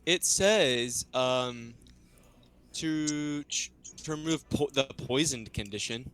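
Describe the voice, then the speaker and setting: A man's voice: mid-range voice, slow, fairly bright tone, smooth. A man playing a tabletop game, chatting casually and earnestly arguing the rules. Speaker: player.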